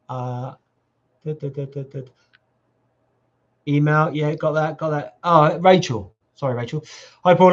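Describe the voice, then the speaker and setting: A middle-aged man hosts a casual live stream, joking and teasing as he answers viewers. His voice sits fairly high for a man and is wearing a little hoarse. The sound is dull and lo-fi. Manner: jokey, teasing, chatty. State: voice going hoarse. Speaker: livestream host reading viewer comments. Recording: lo-fi livestream audio.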